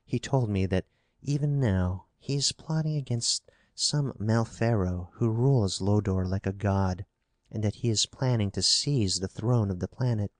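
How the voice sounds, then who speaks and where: A man's voice: on the low side, measured pace, no echo, studio quality, close to an everyday voice. A man reading the part of a frightened young woman, pleading and anxious. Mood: fearful.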